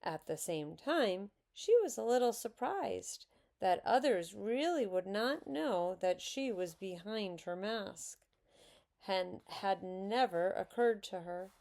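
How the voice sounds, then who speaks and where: A woman reading a children's book aloud in an expressive, unhurried way. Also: mid-range voice, gravelly. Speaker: reader.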